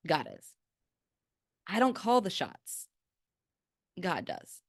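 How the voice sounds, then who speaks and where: A woman hosting a faith-based podcast, talking in a chatty, energetic way full of "like" fillers. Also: on the high side, measured pace, pauses often, no echo, studio quality. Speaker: podcast host. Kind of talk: faith-based pep talk.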